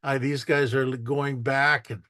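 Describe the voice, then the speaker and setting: A man's voice: medium pitch, little pitch movement, measured pace, sharp tone, no room sound, clean studio sound. A man giving a casual artist talk as a photographer, telling stories about his photos in a rambling way, with restarts and acted-out quotes. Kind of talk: casual storytelling while showing photos.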